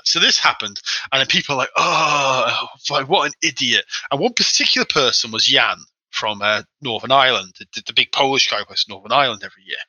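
A man telling a story at a brisk clip in casual chat. His voice is very bright and forward, and he slips into the voices of the people he quotes. The sound is dry and close. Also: mid-range voice, dry recording, low-quality recording. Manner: fast, animated anecdote-telling with acted-out quotes. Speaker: podcast guest.

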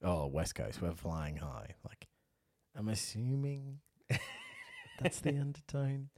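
A man's voice: mid-range voice, huge pitch swings, slow, breathy edge, no room sound, clean studio sound. A man with an Australian accent co-hosting a casual podcast, chatty and self-mocking and often laughing. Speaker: podcast co-host. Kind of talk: casual chat.

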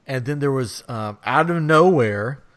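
A man's voice: medium pitch, lively intonation, measured pace, fairly bright tone. A man in his thirties, a podcast co-host, telling a rambling anecdote in casual chat with frequent laughs.

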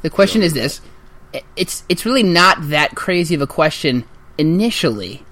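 Casting note: jokey male podcast co-host, medium pitch, rambling delivery. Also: big pitch swings, moderate pace, a bit bright. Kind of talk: casual chat.

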